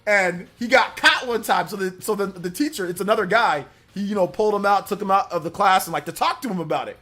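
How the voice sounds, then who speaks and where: Talking fast in a high, pushed, bright voice, a young man hosting a livestream rambles through a school story while chatting casually and thanking donors.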